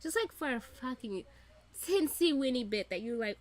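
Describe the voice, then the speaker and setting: A woman's voice: on the high side, moderate pace. A woman hosting a reaction video, ranting casually and animatedly with a lot of swearing. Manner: profane, animated, laughing rants.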